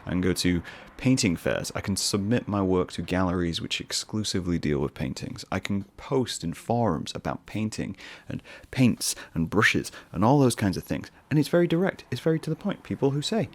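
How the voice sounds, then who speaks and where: Alone on his podcast, this host talks casually in a rambling, musing way, poking fun at himself now and then. His low-pitched voice is expressive, moving at a moderate pace with hardly any pauses.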